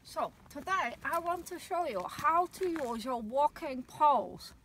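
A woman's voice: sits high, lively intonation, a little slow, a bit bright, recorded from a distance, a little hiss or hum, rough recording. A woman on a hiking trail, giving a teasing, mock-serious vlog demonstration of walking poles. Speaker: hiking companion filming a vlog. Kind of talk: comic deadpan walking-pole demonstration. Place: outdoors on a mountain hiking trail.

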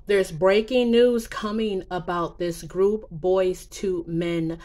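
A woman making psychic predictions in a casual vlog, talking slowly in a rambling way with many fillers and restarts. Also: fairly low pitch, steady tone, warm tone. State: emotional, near tears. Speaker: psychic vlogger.

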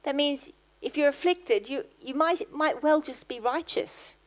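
Woman, middle-aged, guest pastor, church sermon, impassioned, loud peaks. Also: high voice, a little slow. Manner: passionate preaching, rising to loud exclamations.

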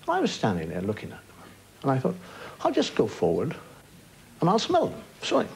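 A man's voice: medium pitch, fairly quick, vocal fry, poor audio. A man in his fifties with an Irish accent, a chat show guest telling comic stories with wry asides and acted-out punchlines. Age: 50s. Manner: animated anecdotes with wry asides, acting out punchlines. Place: TV studio before an audience. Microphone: studio broadcast mic. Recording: old TV broadcast with loud hiss and studio audience laughter.

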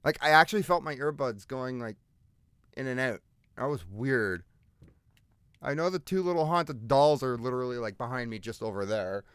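A man's voice: medium pitch, animated, normal speed, fairly bright tone, clear, resonant tone, no echo, clean studio sound. A young man giving let's-play commentary on a horror game, with jumpy, chatty, half-joking reactions to scares. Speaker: gaming YouTuber.

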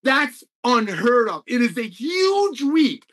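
A man who is a company executive, giving an emotional, excitable motivational update and repeating figures for emphasis. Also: extremely high pitch, slow. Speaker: network marketing company executive.

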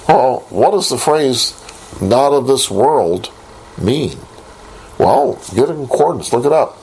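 A man teaching a Bible lesson, reading scripture aloud and posing rhetorical questions in a deliberate way. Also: mid-range voice, animated, darkish tone, slight background noise, low-quality recording. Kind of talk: recorded Bible study lesson.

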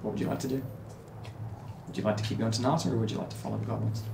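A man running a tabletop game as game master, narrating scenes in a relaxed way with fillers. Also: on the low side, very fast, vocal fry, a little hiss or hum. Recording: echoey room.

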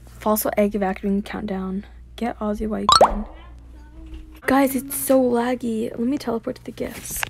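A female gaming YouTuber giving casual gameplay commentary, excitable and gushing, full of exclamations and reading game text aloud. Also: a little high, normal speed, gravelly, heavy background noise.

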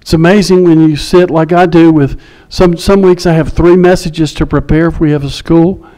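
A male pastor telling a personal story in a sermon, conversational, dropping to a hush at quiet moments. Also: a little high, fairly even intonation, normal speed.

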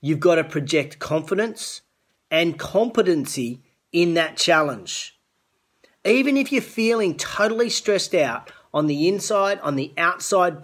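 A middle-aged man with an Australian accent delivers an earnest motivational talk to camera. His voice sits somewhat high for a man, and he talks like a coach urging his listeners. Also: a bit bright. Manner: earnest, coaching, greets viewers by name. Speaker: host of a business show. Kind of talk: live-streamed motivational talk.

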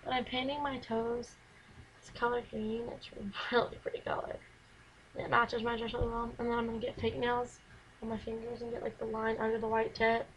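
A woman's voice: fairly high pitch, flat delivery, brisk, background noise. Chatty teenage girl with a twang. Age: teens. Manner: chatty, rambling, lots of "like". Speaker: vlogger. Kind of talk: casual chat to camera. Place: her bedroom. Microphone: camera mic.

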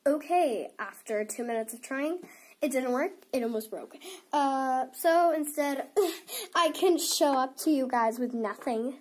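A teenage girl unboxes toys while chatting to camera, giggling and rambling with lots of "like" fillers and a stuffy nose. Her voice is high-pitched and darkish in tone, and she speaks a little slowly.

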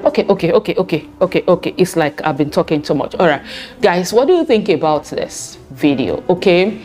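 A woman's voice: lowish voice, expressive, brisk, darkish tone, faint music behind. A woman from Nigeria hosting a channel, talking chattily to viewers and repeating "okay" often. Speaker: channel host. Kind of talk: casual vlog commentary.

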